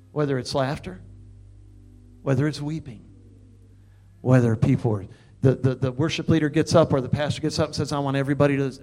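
An older man preaching, telling a story in an animated way and breaking into loud laughs and high exclamations. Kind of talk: sermon testimony.

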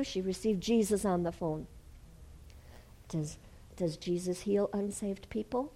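Woman, preacher, sermon, mellow warm voice, whispers then fervent bursts. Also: mid-range voice, fairly even intonation, normal speed, poor audio. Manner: swings from hushed whispers to loud fervent exclamations; storytelling with acted quotes.

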